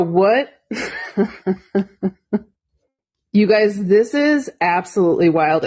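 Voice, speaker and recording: A woman commentator reads documents aloud and comments on them. She sounds incredulous and mocking and swears freely. Her delivery is slow and drawn out. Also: medium pitch, darkish tone.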